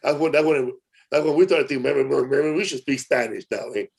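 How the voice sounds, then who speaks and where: This podcast host is a middle-aged man with a medium-pitched, gravelly voice that's a little mellow and breathy, and he talks a bit fast. His casual storytelling wanders, peppered with slangy "bro" and "man."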